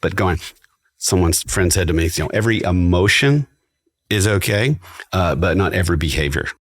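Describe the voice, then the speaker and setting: Husky deep-voiced man, reflective. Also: moderate pace. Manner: reflective, quotes himself, talks to dads directly. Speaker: podcast guest. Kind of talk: casual podcast chat.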